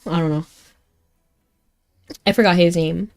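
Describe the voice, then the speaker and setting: A woman's voice: fairly low pitch, steady tone, unhurried, creaky, a little mellow. A young woman streaming a game, chatting casually and rambling to her chat with frequent giggles. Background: faint game music.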